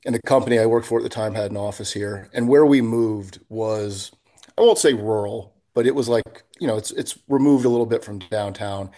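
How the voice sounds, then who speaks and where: A man with a fairly low voice, chatting casually. He tells his stories in an easygoing, relaxed way, never rushing. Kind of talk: casual chat.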